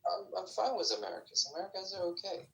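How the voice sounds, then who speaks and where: A man's voice: sits high, very animated, fast, creaky, bright, forceful tone. A man in a voice-chat argument, dismissive and trying to shut it down. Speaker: participant in a live voice chat.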